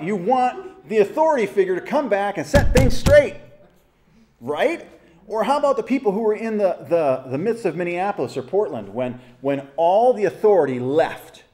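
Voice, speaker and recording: An animated man teaching a church Bible study, his pitch swooping up and down. His voice is mellow and dark, and he keeps asking the group questions. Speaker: pastor leading a Bible study.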